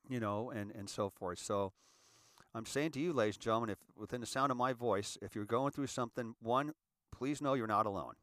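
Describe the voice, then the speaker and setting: A man's voice: lowish voice, no echo. Middle-aged male host, heartfelt stumbling monologue, dry close-mic sound. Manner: halting, repeats words, grows animated. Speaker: podcast host.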